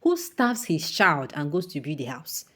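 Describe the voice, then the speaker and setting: A woman with a Nigerian accent and a slightly low, fairly bright voice presents the news before shifting into heated commentary. Speaking at normal speed with huge swings in pitch, she sounds indignant, drops in Pidgin phrases, and exclaims rhetorical questions.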